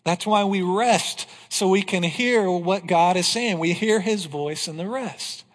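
Speaking a little slowly, the high-voiced pastor delivers his sermon with emphasis, using rhetorical questions and sinking into a quiet hush on the lines that matter. His voice rings with the long reverb of the church sanctuary.

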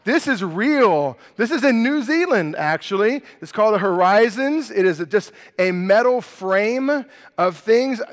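Animated high-voiced preacher in a reverberant hall. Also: male voice, unhurried. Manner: animated, quizzing the congregation. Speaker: pastor. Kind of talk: sermon.

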